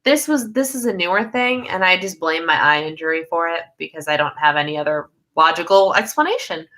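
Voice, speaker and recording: A young woman hosts a relaxed livestream from home. Her voice is bright and a little low-pitched, and she rambles freely, often laughing in the middle of a sentence. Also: fairly quick. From United States. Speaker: livestream host reading viewer comments. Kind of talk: casual live chat.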